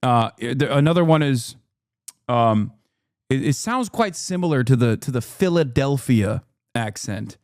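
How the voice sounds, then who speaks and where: A man in his thirties hosting a livestream, giving sarcastic, deadpan mock-serious reaction commentary. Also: mid-range voice, unhurried, no room sound, clean studio sound. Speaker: livestream host reacting to a video.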